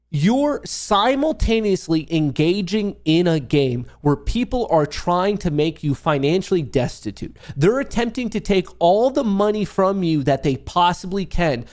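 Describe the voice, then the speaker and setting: A man's voice: sits high, a little mellow. A young man hosting a trading livestream, ranting heatedly with constant swearing and mocking sarcasm. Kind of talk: profane ranting monologue.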